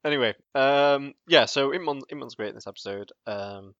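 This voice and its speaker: A man's voice: medium pitch, a bit bright, no room sound. A British man chatting on a podcast, chuckling through his points and tripping over restarts. His voice comes through a dull, slightly muffled mic in a dry, dead room. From Britain. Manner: laughs often, halting restarts. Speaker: podcast co-host. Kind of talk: casual chat.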